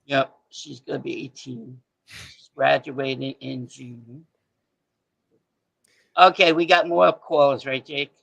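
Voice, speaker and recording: A man's voice: mid-range voice, steady tone, takes it slowly, vocal fry, long pauses, fairly bright tone, poor audio. A man in his fifties calling in as a regular to a sports talk show, rambling and joking in a chatty way. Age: 50s. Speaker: regular caller. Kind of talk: casual call-in chat.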